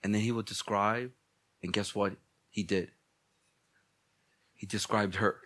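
A male pastor giving a humorous sermon, telling stories in an animated, blunt, joking way, often laughing and mimicking people. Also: fairly low pitch, measured pace.

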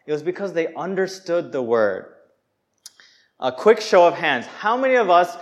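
A man's voice: fairly high pitch, big pitch swings, moderate pace. Casual young man preaching a sermon. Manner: conversational, many fillers and restarts; acts out quoted voices. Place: Hong Kong.

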